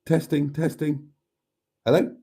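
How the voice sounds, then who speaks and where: Rambling, mellow-voiced man hosting a live stream. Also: on the high side, flat delivery, measured pace. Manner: rambling, chatty, laughs easily. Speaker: channel host. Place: motorhome.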